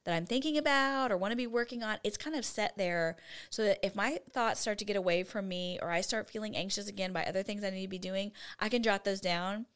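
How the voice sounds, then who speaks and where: A woman's voice: mid-range voice, a little fast, fairly bright tone, clean tone. A woman co-hosting a casual faith podcast, earnestly teaching Bible study steps one at a time. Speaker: podcast co-host.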